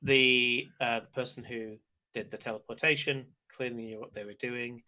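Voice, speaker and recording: A man's voice: mid-range voice, fairly even intonation, moderate pace, bright, forceful tone, poor audio. A man running a tabletop game as game master, talking hesitantly with many fillers and restarts.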